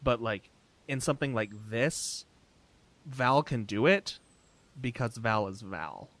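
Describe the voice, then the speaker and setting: A man narrating as game master, relaxed and descriptive, with many fillers. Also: medium pitch, slow, dry recording.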